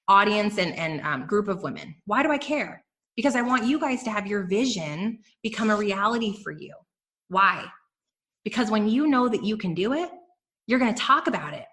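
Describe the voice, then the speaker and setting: A woman hosting a business podcast, giving energetic, emphatic motivational talk straight to her listeners. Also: mid-range voice. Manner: energetic, emphatic, addresses listeners as "you guys". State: emotional, near tears. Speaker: podcast host and business coach.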